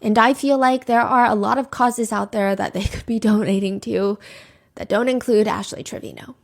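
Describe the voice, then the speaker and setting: A woman's voice: mid-range voice, moderate pace, creaky. A woman narrating a true crime story in a chatty, opinionated, casual storytime way. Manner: chatty, opinionated, acts out quotes.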